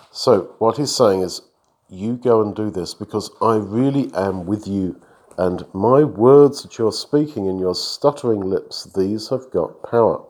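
Measured, mellow-voiced male preacher. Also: on the low side. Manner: earnest, measured, reads long scripture passages aloud. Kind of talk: sermon with scripture reading.

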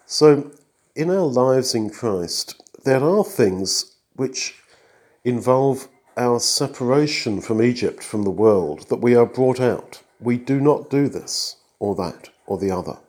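A man preaching a sermon in an earnest, measured way, reading long scripture passages aloud and explaining them. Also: mid-range voice, mellow.

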